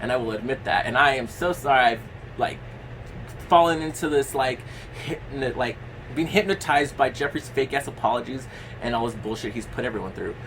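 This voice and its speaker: Young man, casual vlog commentary, rambling with fillers, blunt and sweary, mid-range pitch, slight background hiss. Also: fairly quick, a bit bright, low-quality recording. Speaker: commentary vlogger.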